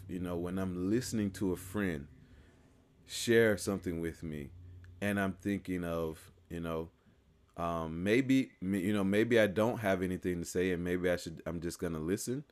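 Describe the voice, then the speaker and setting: A man's voice: deep voice, darkish tone. A man talking casually about faith, hesitant and searching for his words with frequent restarts.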